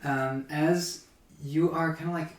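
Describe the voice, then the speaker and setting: A man's voice: fairly high pitch, slow pace. A man runs a tabletop game in an easygoing, rambling voice, circling back and stacking fillers as he sets each scene. He sounds set back from the mic in an echoey room with a faint hiss behind him. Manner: relaxed, hesitant descriptions with many fillers. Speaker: game master. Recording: roomy, distant mic with faint noise.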